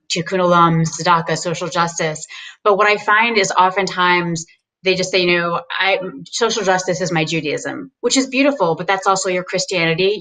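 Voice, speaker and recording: Low-voiced woman, direct panelist, conversational. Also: a bit bright, low-quality recording. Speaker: conference panelist. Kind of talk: panel discussion.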